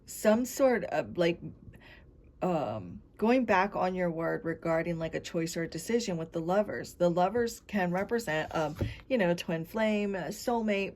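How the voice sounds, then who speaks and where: A woman's voice: lowish voice, a little mellow, slight background noise. A woman giving a tarot reading to camera, meandering as she talks straight to her viewers. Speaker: tarot reader.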